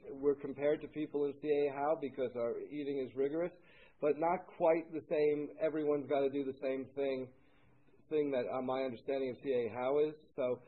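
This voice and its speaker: A man speaking haltingly at a support meeting, repeating words and using many fillers as he shares his story and takes questions. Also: fairly high pitch. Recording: tinny phone-like recording.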